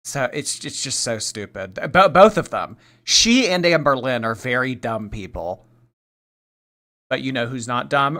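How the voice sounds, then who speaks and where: A man's voice: medium pitch, sing-song, normal speed, bright, forceful tone. A man commenting on a live stream in a sarcastic, mocking way, rambling and restarting his sentences.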